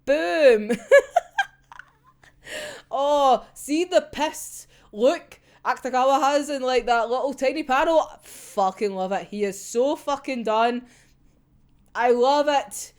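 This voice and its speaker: Excitable, high-voiced young woman reacting. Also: slow pace. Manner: excitable, sweary, laughs often. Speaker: manga reaction vlogger. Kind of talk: casual chat reviewing a comic chapter.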